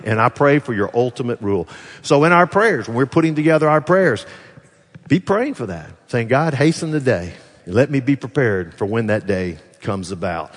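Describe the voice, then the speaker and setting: An earnest man delivers a sermon in a speaking voice of middle pitch. He asks the congregation questions and slows down to linger over lines of scripture. His voice carries the long reverb of a large hall. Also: very animated. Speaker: pastor.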